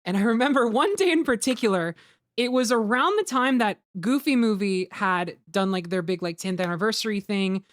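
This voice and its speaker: A woman hosting a casual commentary chat, animated and laughing often as she tells stories. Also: medium pitch, normal speed, dry recording. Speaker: fandub director and host.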